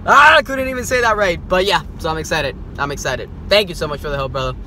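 A man, chatting casually as a collector vlogger, mumbling then bursting into loud exclamations. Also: on the high side, fast. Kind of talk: casual chat. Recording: noisy background.

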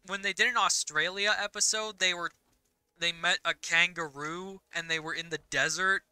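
A young woman gaming host rants and rambles with exasperated energy, her voice bright and clear. The sound is dry and close, picked up on a voice chat mic. She sits a touch high in pitch. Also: steady tone, no echo, rough recording. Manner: rapid, rambling, exasperated ranting. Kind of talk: casual gameplay chat.

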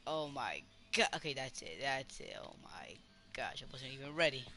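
A man's voice: mid-range voice, moderate pace, faint music behind. A man giving casual gameplay commentary, rambling to himself and cheering his teammate on. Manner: excitable, rambling self-talk with cheering. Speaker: gamer.

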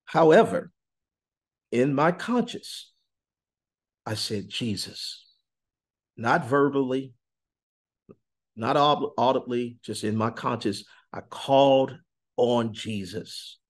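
A man giving an earnest, intense testimony in a sit-down interview, slowing on key words and rising suddenly in pitch and volume. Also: animated. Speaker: interview guest.

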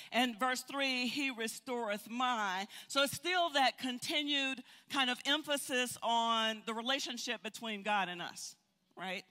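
An older woman teaching a Bible study, telling stories in an animated way and often repeating words. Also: a little high. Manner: animated, storytelling with frequent repeats. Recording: hall reverb.

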